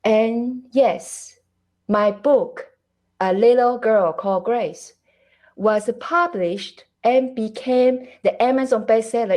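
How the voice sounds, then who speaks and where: A woman in her forties who speaks English with a non-native accent. She is a podcast host giving an inspirational faith-based talk online, and her delivery is deliberate and emphatic. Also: fairly high pitch, darkish tone.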